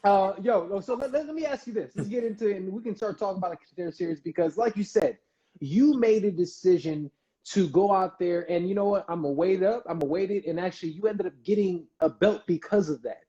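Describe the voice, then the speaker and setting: A man's voice: sits high, fairly quick, dark tone. Man hosting a muffled live-stream chat. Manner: loose, slangy, repeats words. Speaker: interview host. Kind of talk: casual live-stream interview. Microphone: video call.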